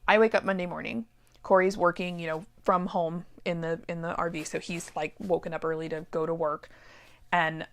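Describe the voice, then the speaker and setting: A middle-aged woman who teaches sewing, telling a personal story in a chatty, animated way with many asides. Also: fairly low pitch, normal speed. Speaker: sewing teacher and shop owner. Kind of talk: casual storytelling vlog. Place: warehouse room.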